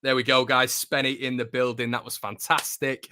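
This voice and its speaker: A man's voice: mid-range voice, flat delivery, moderate pace, noisy background. A man with a Northern English accent hosting a casual fan phone-in, chummy and calling callers mate. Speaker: fan channel host.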